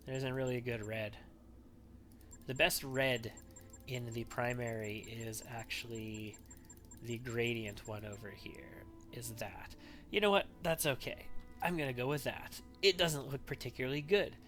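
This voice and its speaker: A man commenting on his own game session, musing out loud and second-guessing his picks as he goes. His pitch sits in an average range, with faint music underneath. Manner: thinks aloud, musing and wavering over choices. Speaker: let's play host. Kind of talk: gameplay commentary.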